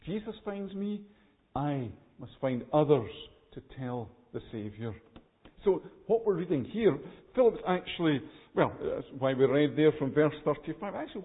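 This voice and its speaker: A man's voice: fairly high pitch, lively intonation, moderate pace. A man preaching an earnest, emphatic expository sermon. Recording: tinny phone-like recording with long reverb.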